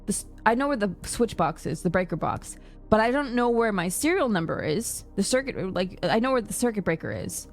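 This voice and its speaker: A young woman streamer rants casually to her chat, exasperated as she retells a story and acts out the other people's lines with quoted dialogue. Her mid-range voice moves a little fast over soft background music.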